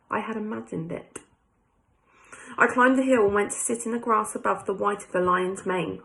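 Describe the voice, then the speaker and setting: A woman's voice: medium pitch, gravelly, fairly bright tone, rough recording. A young woman teacher reading a class book aloud, stopping to ask her pupils questions in a chatty way. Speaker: primary school teacher.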